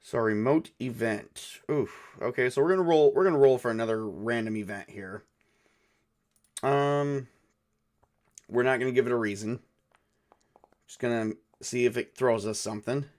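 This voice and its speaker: A man's voice: medium pitch, moderate pace, long pauses, darkish tone. Man narrating a solo tabletop game. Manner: thinking aloud with many fillers. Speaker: game master and solo player.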